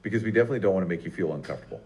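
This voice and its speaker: A man's voice: deep voice, expressive, rapid-fire, a little mellow. A man co-hosting an upbeat podcast chat, agreeable and building on his partner's points. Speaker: podcast co-host.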